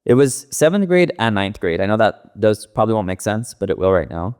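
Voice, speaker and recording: A man's voice: on the low side, very animated, a little fast, darkish tone, clean tone. A young man from the Los Angeles area, a podcast guest, telling loose and profane stories in casual interview talk, full of fillers.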